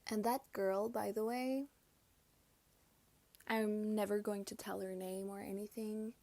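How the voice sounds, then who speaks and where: A young woman chats casually on her podcast as she does her makeup, telling stories confidingly and regularly sinking to a whisper. Her voice is mid-range and warm, with fairly even intonation and a slightly slow pace, and there is no room sound.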